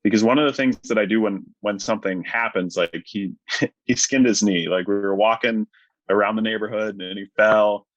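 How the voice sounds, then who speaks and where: Man, deeper voice, reflective podcast guest, muffled dry recording. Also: fairly even intonation, moderate pace, no room sound. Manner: thoughtful, explains with restarts. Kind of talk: casual conversation. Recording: dull dry lo-fi audio.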